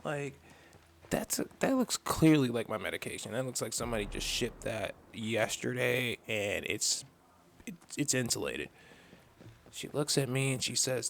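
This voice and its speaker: A man's voice: medium pitch, expressive, moderate pace, gravelly, slight background noise. A man vlogging an angry, profane rant about a bad customer experience, telling the story in a heated, exasperated way.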